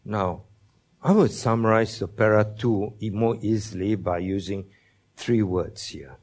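A man's voice: lowish voice, a little mellow. A man with preaching a Bible lesson, stressing each promise and quizzing his listeners. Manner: slow, deliberate, emphatic on quoted promises, asks the listeners questions. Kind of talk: Bible teaching sermon.

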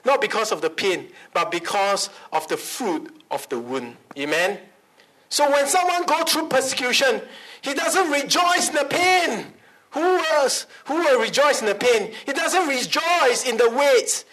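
A male pastor preaches a sermon in an animated way, with big swings in pitch and calls for amens. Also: a little slow, poor audio.

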